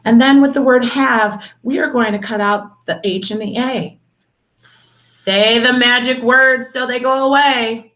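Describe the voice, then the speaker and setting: A woman teaching a video lesson to young children, speaking in a slow, encouraging, sing-song way and calling them her dears and superstars. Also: on the high side, fairly even intonation, a bit bright. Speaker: kindergarten teacher.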